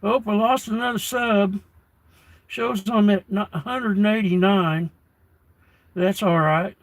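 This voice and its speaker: A man's voice: sits high, fairly even intonation, unhurried, long pauses, dry recording, poor audio. An older man chatting casually on a livestream, folksy and given to rants, reading his chat off a tablet. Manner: folksy, ranting. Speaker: live streamer.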